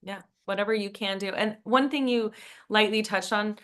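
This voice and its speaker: A woman with a bright, crisp voice co-hosts a team video call. She encourages the group and makes points by asking a question and answering it herself. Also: medium pitch, moderate pace.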